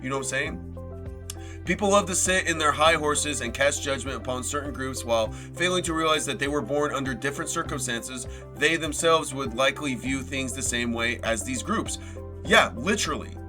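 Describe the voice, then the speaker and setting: A young man hosting a live stream, reading posts aloud and riffing on them in a casual, animated way, swearing freely and joking with his chat. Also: mid-range voice, moderate pace, over music. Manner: animated, swings loud and soft, swears casually, jokes with chat. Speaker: livestream host.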